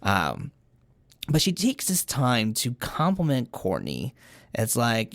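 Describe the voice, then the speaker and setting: A man co-hosting a casual podcast, retelling cartoon episodes with a lively, swooping voice that jumps up whenever he mimics a character. The sound is close and dry, with no room around it. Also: medium pitch, slow, no echo. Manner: animated retelling, acting out characters' lines. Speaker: podcast co-host. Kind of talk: casual chat recapping cartoons.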